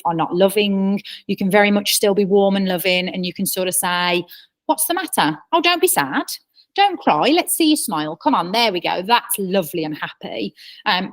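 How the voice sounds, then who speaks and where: A woman in her thirties presenting a parenting webinar, chatty and explanatory, with personal stories. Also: medium pitch. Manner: chatty, explanatory, with personal anecdotes and acted quotes. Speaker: childcare trainer.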